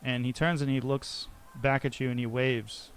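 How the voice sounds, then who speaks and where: Game master, male, steady mid-pitched voice, matter-of-fact narration. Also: moderate pace, clear, resonant tone.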